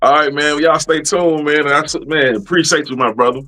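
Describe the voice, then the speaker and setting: A man's voice: on the high side, fairly quick, sharp tone, faint music behind. A man hosting a podcast, talking loosely with lots of slang and profanity. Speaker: podcast host. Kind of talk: casual podcast chat.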